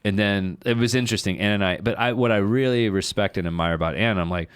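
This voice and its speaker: A man with a very low voice talks through a casual podcast conversation. He rambles candidly, piles up fillers and swears freely. The sound is dry and close to the mic. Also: quick pace, clear, resonant tone, no room sound. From lives in Shanghai, China. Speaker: podcast co-host. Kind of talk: casual chat.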